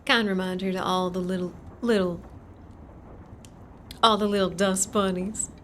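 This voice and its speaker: A woman's voice: mid-range voice, steady tone, measured pace, slight background noise. A woman from Texas with a Texan accent, reading a horror story on a live stream, chatty and laughing, tripping over hard words and repeating them.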